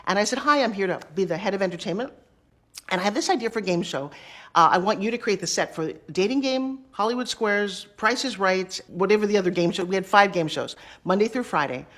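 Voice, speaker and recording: A middle-aged woman telling career stories in an interview, acting out the dialogue with quick asides. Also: mid-range voice. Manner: lively, acts out quoted dialogue, quick asides. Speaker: interview guest. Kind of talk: animated storytelling.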